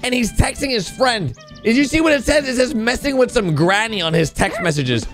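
A young man with a high, very lively voice reacts to cartoons as the host, swinging from chatty commentary to sudden shouts. Faint music plays underneath. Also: fairly quick. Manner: excitable, shouts and gasps at surprises, talks to viewers.

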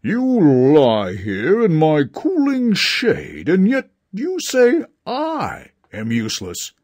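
A man's voice: high-pitched, huge pitch swings, takes it slowly, darkish tone, breathy edge, no echo, studio quality, voice pushed up, exaggerated voice. A man reading a storybook voices a reproachful plane tree that scolds ungrateful travelers. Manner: reproachful, preaching.

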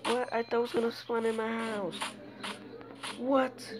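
A woman's voice: on the high side, little pitch movement, a little slow. A woman giving live gameplay commentary, panicky and pleading, talking to herself as she plays. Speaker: gamer. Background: loud game music.

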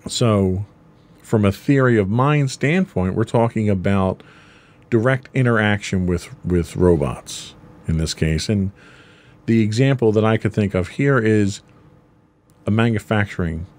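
A man's voice: fairly low pitch, measured pace, a little mellow. A man co-hosting a podcast, casually explaining ideas with everyday examples and frequent ums. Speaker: podcast co-host.

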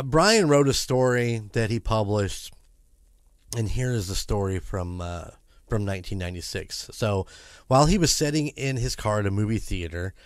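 A man's voice: fairly low pitch, no room sound, studio quality. A man co-hosting a podcast, reading a paranormal story aloud with chatty asides and the odd restart.

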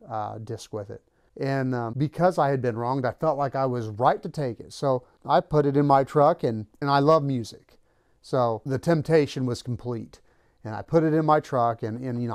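Man, channel host, casual storytelling, conversational, mid-range pitch, dry recording. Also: darkish tone, smooth, no room sound. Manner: conversational, acts out quoted lines.

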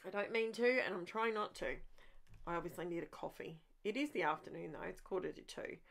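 Talking fairly quickly in a low-ish voice with vocal fry and a fairly bright tone, a woman walks through her crafting process on video. She rambles, restarts frequently while thinking aloud, and is enthusiastic about messy art play.

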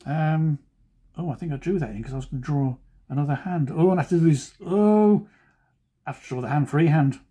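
A man's voice: on the high side, a little fast, mellow, husky. A man who is a cartoonist, talking casually while he draws and making joking, self-deprecating asides. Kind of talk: chatty drawing commentary.

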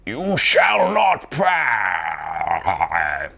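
A man's voice: sits low, wildly swooping pitch, extremely slow, vocal fry, pushed and bright, slightly rough, heavily acted. A man putting on the voice of an old male wizard while reading out a listener's question. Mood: grave.

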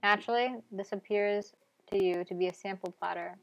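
A woman's voice: mid-range voice, steady tone, a little fast, vocal fry, a bit bright. A woman streamer reading a video game aloud on a live stream, with wry, playful asides.

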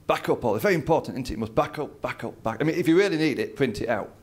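A man's voice: mid-range voice, lively intonation, racing, slightly rough. Man telling a stand-up story. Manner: storytelling, acts out his dad's lines. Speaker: stand-up comedian. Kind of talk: stand-up routine. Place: comedy venue with a live audience.

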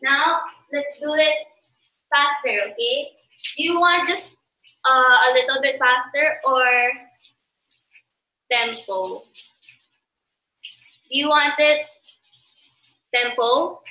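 Dance teacher, woman, high bright voice, counts beats slowly, roomy and distant recording. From Philippines. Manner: counts beats aloud, checks in with okay. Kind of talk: online dance tutorial.

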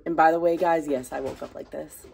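Chatty young mom vlogging at home. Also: female voice, deep voice, fairly even intonation, fairly quick, creaky, a little mellow, slightly rough. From United States. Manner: chatty, often says "guys". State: low, emotional, near tears. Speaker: vlogger, single mother. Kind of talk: casual day-in-the-life vlog. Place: apartment at home, indoors.

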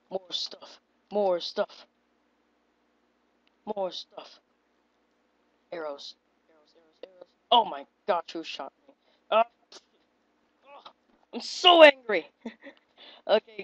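Woman, casual gameplay commentator, excitable, repeats short exclamations, low voice, dull lo-fi mic. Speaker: gaming video creator.

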